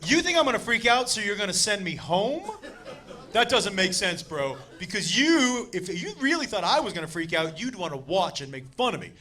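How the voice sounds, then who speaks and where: A comedian putting on a whiny, yelling stoner big brother. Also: male voice, sits high, sing-song, normal speed, heavily acted. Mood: indignant. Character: frantic boastful stoner older brother, adult man. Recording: stand-up stage with loud audience.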